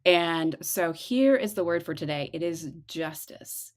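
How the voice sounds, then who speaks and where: A middle-aged woman co-hosting a casual devotional chat, slowing and softening on her reflective points. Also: animated. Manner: acts out quoted voices with big pitch jumps. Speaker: podcast co-host.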